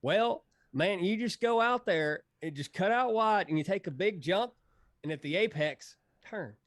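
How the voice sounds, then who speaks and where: A man's voice: high-pitched, expressive, unhurried, no echo, studio quality, pitched above the performer's own voice. A man putting on a laid-back buddy who gives casual, offhand advice in a drawl.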